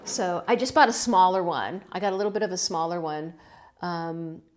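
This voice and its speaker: A woman's voice: fairly low pitch, normal speed. A middle-aged woman from California chatting casually about her pottery and a local winery, emotional and laughing as she fights back tears. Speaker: pottery vlogger. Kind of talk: casual chat.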